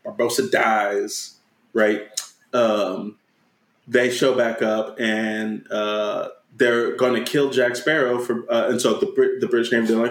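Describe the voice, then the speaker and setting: A man's voice: medium pitch, fairly even intonation, takes it slowly, echoey room. A man casually recapping a movie plot, swearing freely and acting out lines in slang. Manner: profane, slangy retelling with acted-out quotes. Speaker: podcast co-host.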